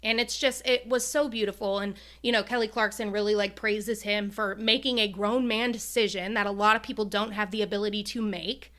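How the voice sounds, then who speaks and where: A woman's voice: medium pitch, fairly even intonation, a little fast, hardly any pauses, bright, forceful tone. A woman co-hosting a podcast in casual chat, retelling a story emotionally with many fillers. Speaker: podcast co-host.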